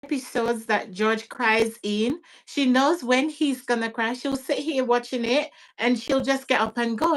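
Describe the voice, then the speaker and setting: A woman talking in an unhurried, casual chat, laughing now and then and dropping in patois phrases. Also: fairly high pitch, poor audio. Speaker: guest parent.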